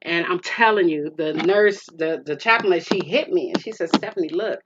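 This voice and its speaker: A middle-aged woman recounts a personal story on her podcast, her voice bright and forceful. She rambles, restarts her sentences and speaks straight to the listener like a friend. The recording is muffled and lo-fi, with a faint hiss underneath. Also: on the low side, moderate pace. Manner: emotional, rambling with restarts, addresses listener as "girl". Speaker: podcast host.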